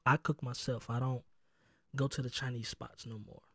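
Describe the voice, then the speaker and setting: A man with a Southern US accent hosts his own podcast in loose, joking street slang full of swearing. His voice sits at an ordinary pitch for a man. It is recorded close and dry, with no room sound. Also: flat delivery, normal speed, fairly bright tone, no room sound. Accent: Southern US (North Carolina). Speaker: podcast host. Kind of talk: casual chat. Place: home.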